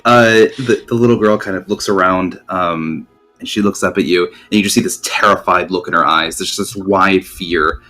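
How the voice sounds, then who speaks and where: A man narrates a tabletop game as game master, rambling through scenes with frequent ums and restarts. His voice sits slightly low, with faint music in the background. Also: steady tone, normal speed, sharp tone.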